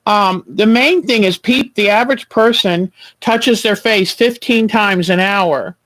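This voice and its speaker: A man hosting a quilting livestream, chatting gently and reassuringly while he sews at home. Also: high voice, a little slow, no echo, rough recording. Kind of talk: casual chat while sewing.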